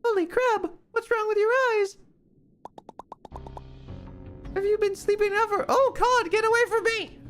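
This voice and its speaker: Flustered little game crab, very high and squeaky, comic panic; a woman voices him. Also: little pitch movement, a little fast, soft background music. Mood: panicked. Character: small young male crab, jittery and flustered. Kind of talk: reading game dialogue aloud.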